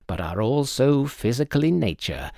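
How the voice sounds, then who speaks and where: A man's voice: medium pitch, very animated, moderate pace, gravelly, mellow, dry recording, studio quality. A man voicing a brilliant older male detective who explains in a precise, authoritative way. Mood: assured.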